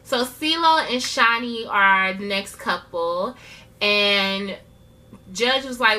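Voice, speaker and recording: A woman's voice: mid-range voice, slow pace, sharp tone. A woman giving a chatty, gossipy recap of a reality TV episode, laughing often. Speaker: TV show reviewer. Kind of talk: casual show recap.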